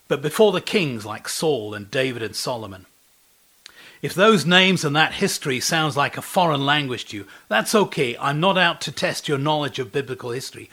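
A man's voice: fairly high pitch, bright, forceful tone. A man giving a devotional talk as a preacher, telling a scripture story and asking the listener rhetorical questions.

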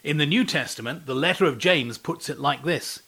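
A man's voice: a little high, moderate pace, vocal fry, bright, forceful tone, husky. Man preaching with rhetorical questions. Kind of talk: devotional talk.

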